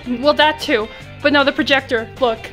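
Excitable high-voiced woman vlogging. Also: normal speed. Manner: excitable, gushing, repeats exclamations. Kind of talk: casual vlog chat. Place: hotel room. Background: background music.

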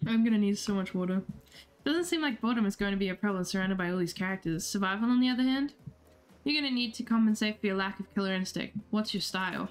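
A woman's voice: mid-range voice, fast talker. A woman streamer reading a dating game aloud, playful and giggly as she reacts to chat between the lines.

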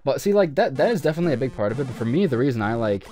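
Fast-rambling man in casual game commentary. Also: mid-range voice, sing-song, warm tone, soft background music. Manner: rapid rambling with many filler words. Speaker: let's play co-host.

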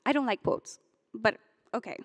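A woman's voice: a little high, normal speed, no room sound. A young woman in her twenties, a graduating student, giving a commencement speech and moving between heartfelt, tearful moments and playful jokes. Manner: emotional, chokes up and laughs through tears, then jokes with the crowd. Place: hotel ballroom.

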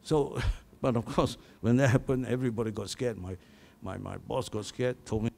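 Gravelly older Malaysian man telling stories. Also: medium pitch, fairly even intonation, moderate pace, mellow. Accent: Malaysian English. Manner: storytelling, chuckling at his own anecdotes. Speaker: award recipient giving speech. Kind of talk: anecdotal acceptance speech.

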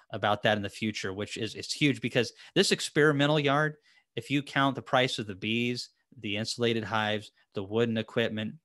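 A man hosts a casual live-stream chat, rambling on with plenty of fillers and restarts. He uses headphones and a desk mic, and his mid-range, slightly bright voice comes through dry and clean, like a studio.

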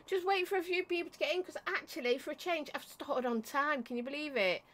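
High-voiced chatty woman live streaming. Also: fairly quick, a bit bright. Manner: chatty, affectionate, greets viewers by name; coughs and clears throat often. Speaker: vape reviewer and livestream host. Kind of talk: casual live stream chat.

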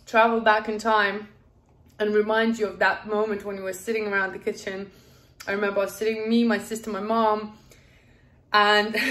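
A young woman chatting casually in a home kitchen while showing a recipe, excitable and laughing often. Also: on the high side. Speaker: cooking vlogger. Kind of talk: casual cooking demonstration.

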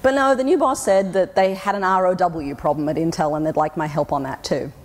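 A woman's voice: fairly low pitch, brisk, a little mellow. An Australian woman giving a humorous conference talk, telling wry stories and acting out other people's voices. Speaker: keynote speaker. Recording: hall with long reverb.

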